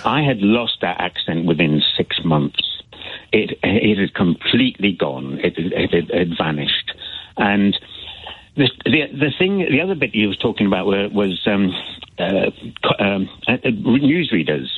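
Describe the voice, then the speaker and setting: A man's voice: lowish voice, very animated, unhurried, breathy edge, dry recording. A male caller with a slight Belfast accent, talking hesitantly with many fillers and restarts. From Northern Ireland. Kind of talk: phone-in chat. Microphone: telephone. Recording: tinny phone line.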